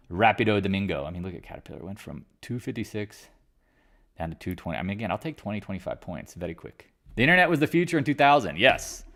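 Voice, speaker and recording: Male live-stream market host, forties, from North Carolina; lowish voice, blunt, profane, rambling. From Raleigh, North Carolina. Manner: blunt, swears, trails off and restarts.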